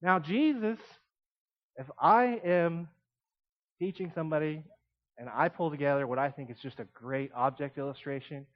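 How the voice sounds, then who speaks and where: A man preaching a sermon in an animated way, shifting between quiet explanation and emphatic points. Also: on the high side, moderate pace, dull audio.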